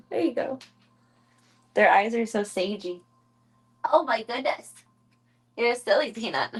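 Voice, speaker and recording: A woman streaming casually from home, chatting to viewers and cooing baby talk at her kittens, her voice jumping high when she talks to them. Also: poor audio. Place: home room with cat enclosure.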